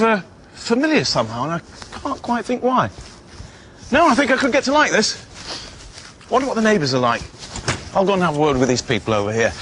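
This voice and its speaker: A man's voice: high-pitched, a bit bright, a little hiss or hum. A man presenting a children's puppet show in a chatty, jokey, exclaiming manner.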